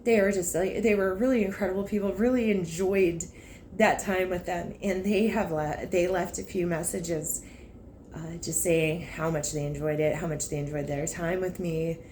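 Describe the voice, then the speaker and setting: A woman's voice: fairly low pitch, fairly even intonation, normal speed, darkish tone, a little hiss or hum. A woman, a car salesperson talking candidly and emotionally about her work in a casual vlog. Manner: candid and emotional, with laughs and frank asides. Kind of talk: casual personal vlog talk.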